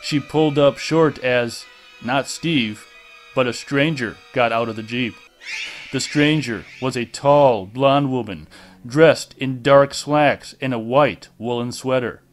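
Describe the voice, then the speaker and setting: A man reading a horror novel aloud in a deliberate, dramatic narration style. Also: medium pitch, faint music behind. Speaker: audiobook reader.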